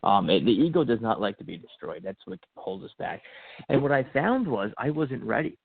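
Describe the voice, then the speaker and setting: A man's voice: mid-range voice, big pitch swings, fairly quick, vocal fry, husky. A man, a podcast guest, telling his own story earnestly and acting out what he said to himself in the moment. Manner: earnest, acts out his own inner dialogue. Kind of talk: personal storytelling. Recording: tinny phone-like line, dry.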